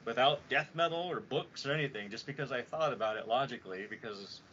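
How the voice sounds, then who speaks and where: Speaking fairly quickly in a mid-range voice, this podcast co-host from Utah spins a lengthy, meandering tale full of profanity and energy. The recording is dull, lo-fi, and faintly noisy.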